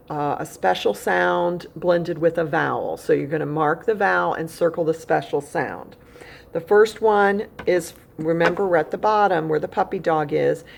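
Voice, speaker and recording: A woman teaching phonics to a child at home in a patient, step-by-step way. Her voice sits fairly low and has a gravelly edge. She repeats the main points slowly so they sink in. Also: a little mellow. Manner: speaks directly to a child at home. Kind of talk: recorded phonics lesson for young pupils.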